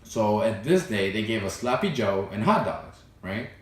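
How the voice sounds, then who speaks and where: A young man vlogging, telling childhood stories in a loose, animated way, full of fillers and laughs. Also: fairly low pitch, moderate pace, very echoey, far from the mic. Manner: animated, laughs often, fillers like "you know" and "right". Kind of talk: casual storytelling to camera.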